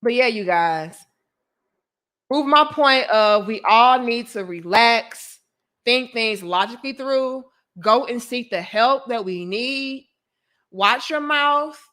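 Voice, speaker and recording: Young woman host, slightly high voice, casual and blunt, swears freely, lectures her viewers. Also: slow, fairly bright tone. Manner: blunt, profane, preachy storytelling. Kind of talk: casual commentary vlog.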